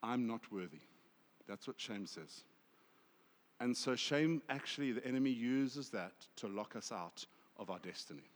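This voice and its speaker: A South African man preaching a sermon, swinging from loud emphasis to hushed asides. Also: medium pitch, normal speed, big-room sound, a little hiss or hum. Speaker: pastor.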